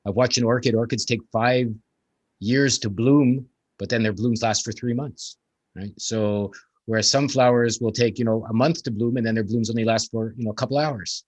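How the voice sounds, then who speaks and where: A man's voice: mid-range voice, steady tone, normal speed, a little mellow, no echo. A man hosting a casual conversation, talking in a rambling, reflective way full of "you know". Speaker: podcast host.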